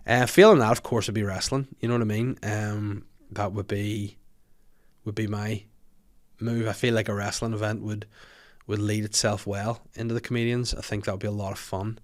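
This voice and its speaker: A man's voice: fairly low pitch, flat delivery, normal speed. A young man with a Northern Irish accent hosting a comedy podcast, rambling and jokey with crude asides. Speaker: podcast host. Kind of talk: casual comedic chat.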